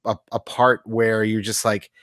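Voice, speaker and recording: A man's voice: lowish voice, flat delivery, measured pace, a bit bright, no room sound, studio quality. A man co-hosting a podcast, talking casually and indignantly, with lots of restarts and swearing. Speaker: podcast co-host.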